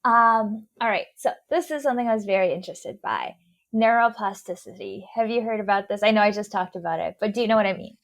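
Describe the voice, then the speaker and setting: A woman's voice: mid-range voice, fast, few pauses. Woman with a slight lisp explaining. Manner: explains carefully, stumbling and restarting on long words. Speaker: podcast host. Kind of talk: casual explanatory chat.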